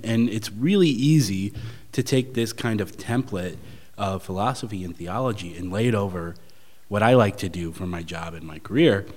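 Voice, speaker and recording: A man's voice: low voice, a little mellow, big-room sound. A man co-hosting a podcast in a casual discussion, reacting with eager enthusiasm. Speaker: podcast co-host.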